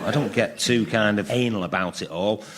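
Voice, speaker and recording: A man's voice: fairly low pitch, moderate pace, over a noisy crowd. A man with a Manchester accent on a comedy panel show, talking about himself in a dry, self-deprecating way.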